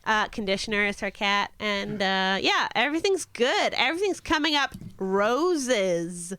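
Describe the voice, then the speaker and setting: A woman's voice: medium pitch, big pitch swings, measured pace, sharp tone, a little hiss or hum. A woman introducing her character as a player in a tabletop game, playful and giggly. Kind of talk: casual live-stream chat.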